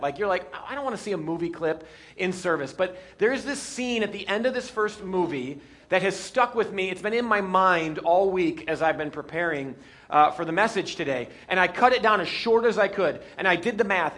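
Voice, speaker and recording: A male pastor preaching a sermon with a bright, high-pitched voice. He keeps the congregation amused with jokes and acts out scenes as he goes. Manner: lively, joking, acts out scenes.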